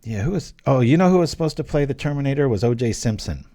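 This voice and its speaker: Mid-range and mellow, this man talks fast and animatedly as he plays a card game, tossing out casual, rambling commentary. Between plays he jokes around and drops chatty asides.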